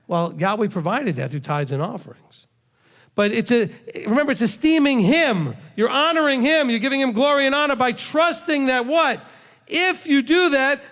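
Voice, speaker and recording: A rabbi with a very high, fairly bright voice preaches a conversational sermon to the congregation he leads. Rhetorical questions and emphatic repetition run throughout, and long hall reverb fills the recording.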